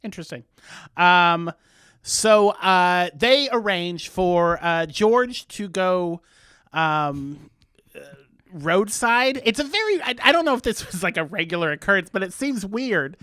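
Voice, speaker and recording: Man, podcast co-host, crisp bright voice, casual recap, lots of fillers. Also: sits high, lively intonation, a little slow, no echo, studio quality. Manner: filler-heavy storytelling, many ums and uhs.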